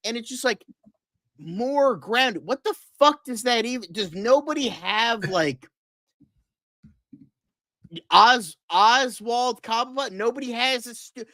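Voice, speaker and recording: A man's voice: very high-pitched, animated, slow, long pauses, bright, forceful tone, no echo. A young man co-hosting a casual podcast, ranting with heavy profanity and exasperated sarcasm. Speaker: co-host.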